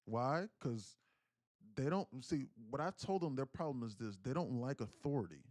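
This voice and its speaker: A man's voice: mid-range voice, a little mellow, dry recording, clean studio sound. A man talking casually to his livestream audience, telling a story animatedly in street slang. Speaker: day trading livestreamer.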